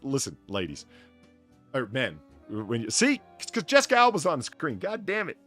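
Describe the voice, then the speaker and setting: A man's voice: medium pitch, wildly swooping pitch, moderate pace, a bit bright, faint music behind. A man hosting a podcast, rambling and cursing through crude comedic banter with lots of stammering restarts. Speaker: podcast host.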